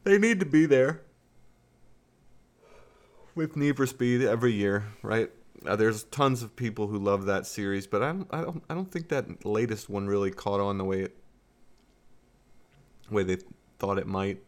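A man's voice: fairly low pitch, expressive, normal speed, long pauses. Wry, skeptical man in casual chat. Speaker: podcast co-host. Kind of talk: casual gaming news chat.

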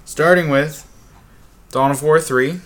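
A man's voice: on the high side, fairly even intonation, slow pace. A man co-hosting a casual gaming podcast, chatty and easygoing as he describes games he saw. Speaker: podcast co-host.

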